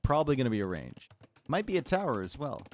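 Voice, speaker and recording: A man's voice: medium pitch, sing-song, fast, faint music behind. A man casting a live strategy-game match, laid-back and chatty, teasing his live chat between plays. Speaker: tournament caster. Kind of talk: live esports commentary mixed with chat banter.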